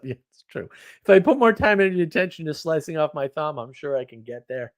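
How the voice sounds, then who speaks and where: A man hosting a casual livestream, chatting and reacting to viewer comments in a rambling, opinionated way, often getting louder or dropping suddenly to a mutter. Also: on the high side, expressive. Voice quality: rambling, opinionated, quick shifts in loudness. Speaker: livestream host.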